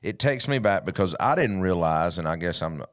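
A man's voice: low voice, expressive, moderate pace, clean tone. A man, hosting a casual interview in a folksy, joking way. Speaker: host.

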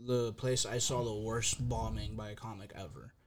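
A man hosting a podcast in calm, laid-back casual chat, trading stand-up stories with his guest. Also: lowish voice, normal speed, soft background music.

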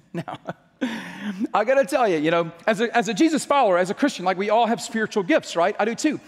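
A man's voice: high voice, animated, fast talker, long reverb tail. A male pastor telling a personal story in a sermon, chatty and joking, often restarting his sentences.

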